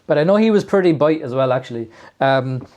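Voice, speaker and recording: A man's voice: medium pitch, lively intonation, brisk, darkish tone, lo-fi sound. A young man telling a rambling story on a podcast, full of fillers and laughter. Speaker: podcast co-host. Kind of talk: casual storytelling chat.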